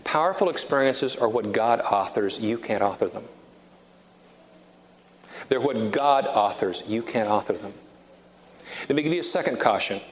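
A man in his fifties preaching a sermon as a pastor, emphatic, repeating key phrases and slowing down to stress them. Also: lowish voice, lively intonation. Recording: reverberant hall with faint noise.

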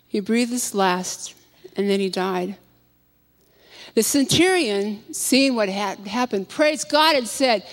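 A woman giving a dramatic scripture reading. She drops to a near whisper on the quiet lines. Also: medium pitch, takes it slowly. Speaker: scripture reader. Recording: long hall reverb.

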